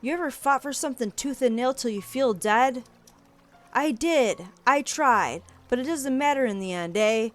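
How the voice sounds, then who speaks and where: A woman puts on a gruff teenage boy who speaks in a thick, clipped, slangy drawl. He is blunt and cryptic. Faint music plays under the game read. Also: high voice, lively intonation, normal speed, voice pushed up. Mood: heated.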